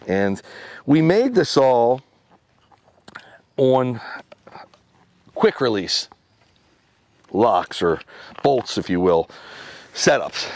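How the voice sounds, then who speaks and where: A man's voice: medium pitch, no room sound. A man casually demonstrating and explaining his homemade dog sled vehicle in a workshop, in a rambling way with restarts and fillers. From USA.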